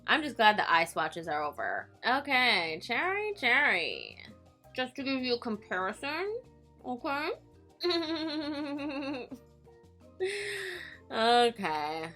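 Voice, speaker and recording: A tired young woman chatters through a makeup swatch vlog, giggling and mocking herself. Her voice is bright and sits a little high. Faint music plays under her. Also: huge pitch swings, slow, long pauses. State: tired late at night. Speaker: beauty vlogger.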